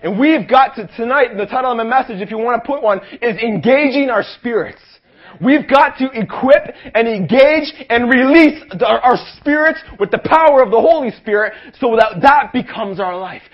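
A young Canadian man preaching an energetic sermon at a youth rally, calling for amens and rising to shouts. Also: very high voice, moderate pace, dull audio. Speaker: pastor.

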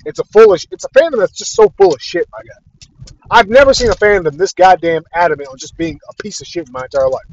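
A man's voice: sits high, fast talker, few pauses, a little hiss or hum. A young man delivering an exasperated, profanity-heavy casual rant about a fandom, repeating himself as he goes. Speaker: podcast ranter. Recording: dry, dull lo-fi audio.

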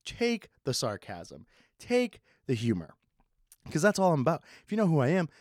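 A man's voice: fairly high pitch, wildly swooping pitch, a little mellow, no echo, studio quality. Sarcastic young man rambling on a podcast. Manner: sarcastic, swears a lot, swings between fast and slow. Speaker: podcast host. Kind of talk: casual solo podcast rambling.

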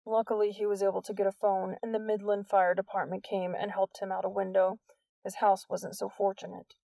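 A woman voicing a calm, tired male police sergeant in an audiobook. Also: medium pitch, fairly quick, creaky, dry recording, far from the mic, natural voice. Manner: calm, gentle.

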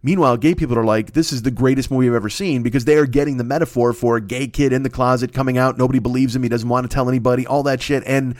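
A podcast host recovering from a cold delivers a rambling comedic monologue, interrupting himself and swearing constantly. His medium-pitched voice stays steady, rapid-fire with few pauses. The studio-quality recording has no echo.

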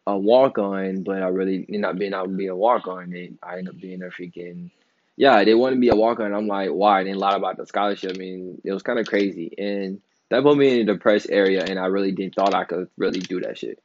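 A man's voice: sits low, steady tone, a little fast, muffled recording. A man in his twenties talking casually and loosely in a solo podcast, rambling, slangy and emphatic. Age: 20s. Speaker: podcast host.

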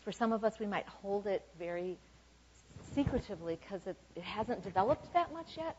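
A woman's voice: mid-range voice, lively intonation, fairly quick, slight background noise. A woman in her fifties giving an informal, chatty sermon full of "okay" and "you know" asides. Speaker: church speaker. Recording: dull lo-fi recording.

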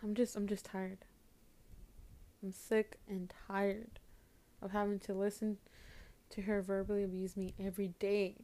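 A young woman venting to camera about her home life, halting and repeating herself as she holds back tears. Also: mid-range voice, flat delivery, warm tone. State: upset, holding back tears. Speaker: vlogger. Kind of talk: emotional personal vent to camera.

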